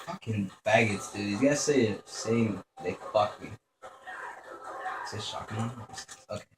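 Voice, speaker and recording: A man's voice: on the low side, slow. A man giving profane gameplay commentary. He mutters to himself and yelps in panic when startled. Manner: mutters quietly to himself between outbursts. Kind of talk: profane let's-play commentary. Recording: roomy echo with steady background noise.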